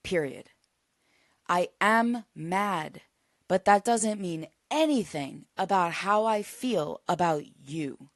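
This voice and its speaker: A woman's voice: fairly low pitch, expressive, slow, no echo, clean studio sound. A woman hosting a solo podcast, talking in an earnest, reflective way with emphatic repetition. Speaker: podcast host.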